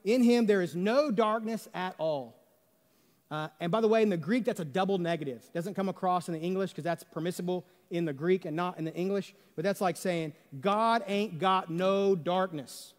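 A man's voice: high voice, brisk, a little mellow. A man preaching a sermon in a church sanctuary, talking conversationally and asking the congregation rhetorical questions. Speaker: pastor. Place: church sanctuary under stage lights. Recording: long hall reverb.

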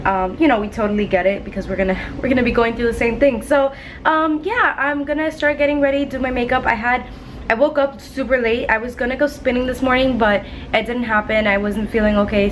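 A woman's voice: a little high, fairly even intonation, brisk, a little hiss or hum. A young adult woman vlogging in a casual, rambling chat, full of ums and likes.

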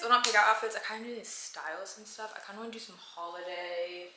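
A woman's voice: medium pitch, quick pace, few pauses, pushed and bright. A young woman in her twenties chatting casually to camera in a rambling, filler-heavy way about hair and outfits, sometimes swearing. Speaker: lifestyle vlogger. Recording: echoey room, faint ambient noise.

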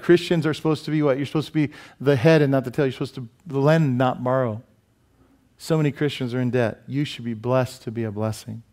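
A man preaching a sermon as pastor in a church, animated and joking, asking the congregation many questions. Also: medium pitch. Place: church sanctuary.

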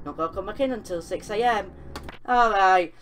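A young woman commenting on a horror game she is playing, excitable and often yelling at the characters on screen. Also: mid-range voice, normal speed, slight background noise. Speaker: gaming channel host. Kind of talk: let's-play commentary.

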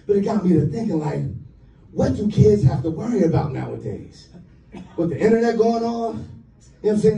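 A man's voice: very high-pitched, mellow, recorded from a distance. A man in his fifties from the US East Coast, a stand-up comedian telling loose, profane stories with a laugh in his voice. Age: 50s. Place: live comedy club with audience. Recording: roomy live stage mic, crowd.

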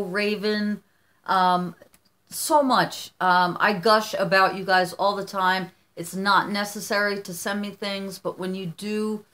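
A middle-aged American woman with a fairly low, slightly bright voice vlogs casually while opening fan mail. She gushes and rambles, restarting her sentences again and again.

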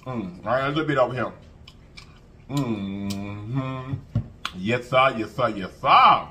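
A man with a medium-pitched voice hosts an eating show at a slow pace with long pauses, and a little hiss or hum sits under the audio. As a food vlogger, he chats to viewers as y'all and baby, savoring the food with animated hums and mm-hmms.

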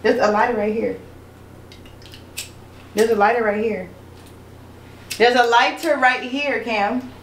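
Young woman vlogger, higher voice, nagging and repetitive, echoey room. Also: steady tone, takes it slowly, long pauses, slight background noise. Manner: pestering, repeating the same questions over and over. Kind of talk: casual prank vlog.

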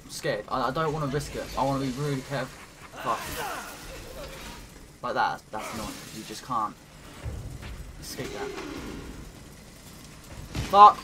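A man giving let's play commentary while he plays, talking to himself, swearing often and breaking into excited cries. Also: medium pitch, normal speed, long pauses, background noise. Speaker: gaming commentator.

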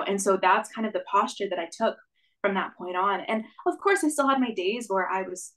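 A young woman shares her experiences as a guest in an interview. Her manner is earnest and reflective, peppered with "like" and "um", and her voice sits at an ordinary middle pitch. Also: brisk, a bit bright, poor audio. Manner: earnest, reflective storytelling with frequent "like" and "um". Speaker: guest, stage actress. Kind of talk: conversational interview.

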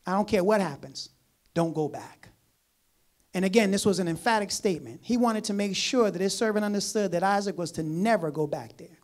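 An emphatic preacher in the middle of a sermon, with a mid-pitched voice. The preacher reads scripture aloud and then comments on it. Key phrases come back again and again, and the delivery swings from loud, urgent declarations down to quiet asides.

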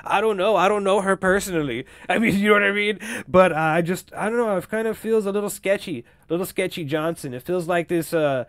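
Young guy hosting a pod, swears a ton, rambles, slightly high voice, dry close mic. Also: fairly quick, few pauses, a bit bright, no room sound. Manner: profane, rambling, laughing asides. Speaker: podcast host. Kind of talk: casual entertainment-news commentary.

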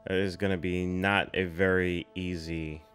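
A man's voice: sits low, flat delivery, unhurried, over music. A man hosting a reaction video, exclaiming and chatting in casual slang about what he watches.

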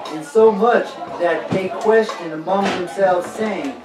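A congregant reading Bible verses aloud during a sermon, slow and measured. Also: mid-range voice. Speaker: scripture reader. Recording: echoey room, mic far off, music behind.

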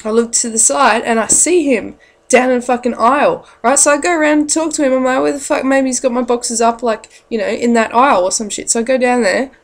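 A woman's voice: fairly high pitch, steady tone, fairly quick. A woman telling a rambling, profane story to camera in a blunt, casual way. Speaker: parent.

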